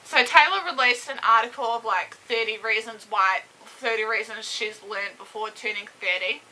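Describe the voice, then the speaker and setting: A young woman telling a story to camera in a casual vlog, emotional and halting as she holds back tears. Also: on the high side, bright, forceful tone, a little hiss or hum, rough recording. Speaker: vlogger. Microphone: camera mic, seated.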